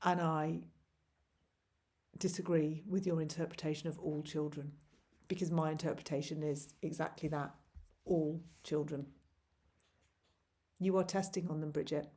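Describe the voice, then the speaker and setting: A woman's voice: deep voice, fairly even intonation, moderate pace, dark tone. A woman in her forties, a parent vlogger, delivers an impassioned, pleading monologue to camera full of rhetorical questions.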